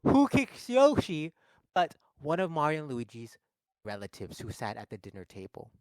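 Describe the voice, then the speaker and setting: A man's voice: medium pitch, a little fast, no echo. Jokey male podcast co-host, dry close sound. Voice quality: animated, jokey storyteller. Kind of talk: casual movie podcast chat. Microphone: lavalier microphone.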